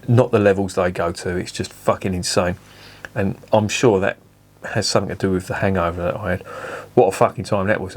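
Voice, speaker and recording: Sweary man ranting about beer. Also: low-pitched. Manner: sweary, blunt, animated ranting. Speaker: beer reviewer. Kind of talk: casual ranting review.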